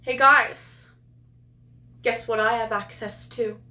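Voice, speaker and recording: A woman's voice: a little high, fairly even intonation, slow pace, bright, forceful tone, echoey room, full character voice. Woman playing a smug, sly cat-like rogue.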